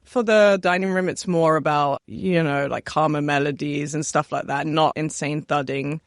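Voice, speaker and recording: A young woman chef from West London with a West London accent, chatting relaxed in an interview, laughing often and filling with "you know". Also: low-pitched, normal speed, dry recording, clean studio sound. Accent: West London English. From West London, England. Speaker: chef, guest. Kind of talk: casual interview chat.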